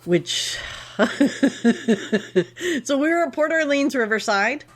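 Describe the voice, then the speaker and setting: A woman's voice: sits high, animated, slow pace, a bit bright. A woman from Canada co-hosting a podcast, chatting casually, rambling and correcting herself with giggles. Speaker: podcast co-host. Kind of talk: casual chat.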